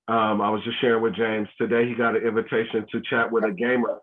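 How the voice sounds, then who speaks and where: A man leads a school's online family learning session over a video call, chatting casually with lots of ums and restarts. His voice sits low with little pitch movement at a normal pace, and the audio sounds tinny, like a phone.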